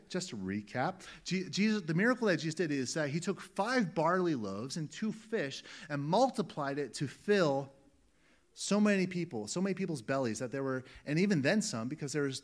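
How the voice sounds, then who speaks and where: Male pastor, sermon delivery, earnest, restarts often, voice a touch high. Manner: earnest, with frequent restarts and varied emphasis.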